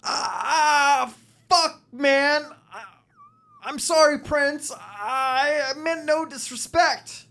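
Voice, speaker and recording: A man's voice: extremely high pitch, normal speed, few pauses, voice pushed up. A man voicing a frantic, wounded male vampire with a laid-back rock-and-roll attitude, pleading through tears. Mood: pained pleading. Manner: pained, crying shouts.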